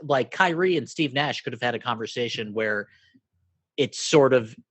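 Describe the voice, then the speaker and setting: A man's voice: medium pitch, a bit bright, no echo. A man from Brooklyn co-hosting a podcast, talking things through in a laid-back, musing way with lots of fillers. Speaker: podcast co-host. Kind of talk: casual sports chat.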